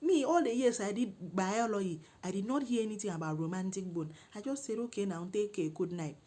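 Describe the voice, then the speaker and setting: A middle-aged woman with a Nigerian English accent spins a comic monologue. Her voice is a little husky and breathy, and she sits at an ordinary pitch for a woman. Her delivery is animated, full of exclamations and mock scolding. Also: brisk. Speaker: comedic storyteller.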